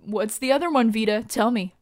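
A woman giving a casual fan recap of a TV episode, excited and gushing, with lots of fillers and laughter. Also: fairly high pitch, a little fast.

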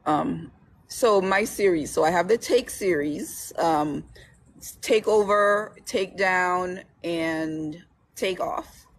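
A woman with a fairly low voice speaks slowly. She's a guest author chatting casually about her books, often laughing as she recounts their stories.

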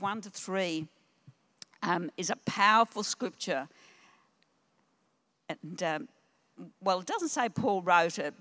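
A woman's voice: lowish voice, a bit bright. An older woman preaching a sermon in an earnest, exhorting way.

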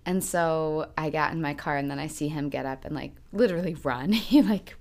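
Low-voiced woman telling a heartfelt story. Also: fairly quick, darkish tone. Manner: earnest, reflective storytelling. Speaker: podcast co-host. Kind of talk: casual chat.

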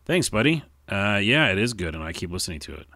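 Low-voiced rambling podcast host. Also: male voice, quick pace, vocal fry, bright, forceful tone, no room sound. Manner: rambling, self-mocking, stumbling over words. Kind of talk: casual solo podcast chat.

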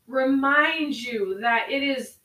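Bright earnest woman praying in an echoey room. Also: sits high, slow, distant mic. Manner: earnest, prayerful, repeats phrases. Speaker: podcast co-host. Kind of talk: spoken prayer and devotional talk.

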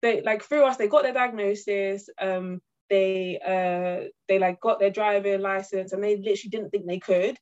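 A woman, a community group organizer talking in a casual podcast chat, animated and peppered with "like". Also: mid-range voice, normal speed, hardly any pauses. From London. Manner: animated, heavy use of "like". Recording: muffled lo-fi sound.

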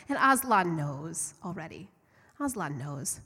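Middle-aged woman, earnest storytelling sermon, mid-pitched, long hall reverb. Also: moderate pace, fairly bright tone. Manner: earnest, fervent, conversational. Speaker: church speaker.

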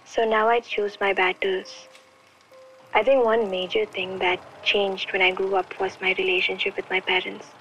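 A young woman from India, a podcast host and poet, talking candidly and reflectively about growing up, with soft music behind her. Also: medium pitch, creaky, lo-fi sound, a little hiss or hum. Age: young adult. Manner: candid, musing, with soft laughs. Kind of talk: reflective personal talk.

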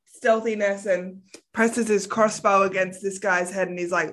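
A woman's voice: mid-range voice, steady tone, a little slow, fairly bright tone. Woman player in a tabletop game, chill and jokey. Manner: casual, playful.

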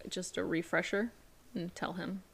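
A young woman co-hosting a podcast in casual chat, laughing often and answering with quick agreeing remarks. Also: fairly low pitch, fairly even intonation, vocal fry, slightly rough. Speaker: podcast co-host.

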